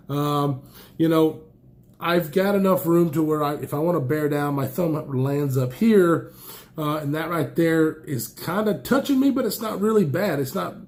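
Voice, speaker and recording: Casual excitable male gear reviewer, slightly raised pitch, allergy-stuffed, rambling. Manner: enthusiastic, rambling, exclaims often. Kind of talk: casual unboxing chat.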